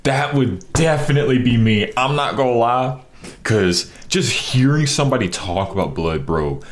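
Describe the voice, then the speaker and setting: A man's voice: medium pitch, moderate pace, a little hiss or hum. A man hosting a reaction video, chatting casually and reacting in disbelief. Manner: animated, incredulous, laughs a lot.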